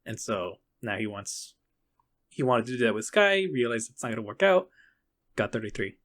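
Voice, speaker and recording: A man's voice: medium pitch, very animated, normal speed, fairly bright tone. Guy cohost on a podcast, laid back, mid voice, keeps doing little bits of the characters. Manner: loose, chatty, acts out characters' lines. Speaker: podcast co-host. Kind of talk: casual reaction chat.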